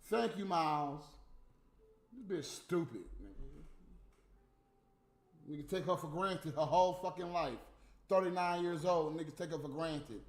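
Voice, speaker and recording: A man delivering a heated, profane, scolding rant on a livestream, with loud bursts. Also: a little high, unhurried, pauses often. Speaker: livestream host. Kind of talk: unscripted ranting monologue. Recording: echoey room with faint music.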